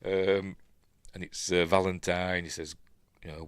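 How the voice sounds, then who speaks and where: A middle-aged Yorkshire man talking casually over a film, full of fillers and asides. His voice sits a little low, and the sound is close and dry with no room echo. He slips into quick playful impressions of the characters. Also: little pitch movement, clean tone. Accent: Yorkshire English. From Yorkshire, England. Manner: rambling, chatty, lots of ums and uhs; mimics quoted characters playfully. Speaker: film review host. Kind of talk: casual film watch-along commentary.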